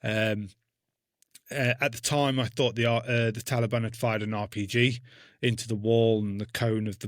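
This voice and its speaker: A man, an army veteran being interviewed, telling a war story bluntly with constant swearing and dark humour. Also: fairly low pitch, no room sound, studio quality. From England.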